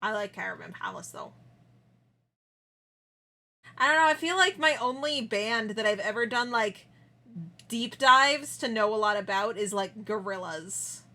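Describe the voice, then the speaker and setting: A woman's voice: mid-range voice, measured pace, pauses often, bright, forceful tone. A young woman streamer chatting casually with her viewers, giggling often and trailing off into restarts.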